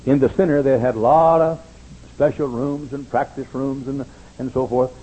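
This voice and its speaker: A man's voice: normal speed, husky, muffled recording. An older man preaching, telling stories animatedly and acting out quoted voices. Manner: animated storyteller, acts out quotes in high voices. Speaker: pastor. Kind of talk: sermon storytelling.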